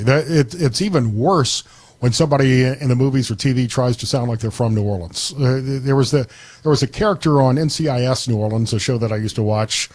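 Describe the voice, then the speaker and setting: An easygoing man hosts a radio talk show in a relaxed, chatty way and often restarts his sentences. His voice sits in a middle register. The studio sound is dry and close. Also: medium pitch, no echo. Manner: easygoing, conversational, frequent restarts. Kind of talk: casual talk radio chat.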